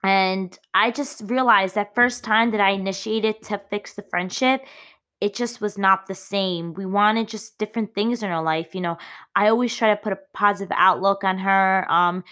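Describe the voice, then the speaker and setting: A woman's voice: medium pitch, a bit bright. Woman doing her own podcast, just talking about her life, emotional and kinda rambly, lots of ums. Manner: candid, emotional, rambling with frequent fillers. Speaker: podcast host. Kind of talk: personal monologue podcast.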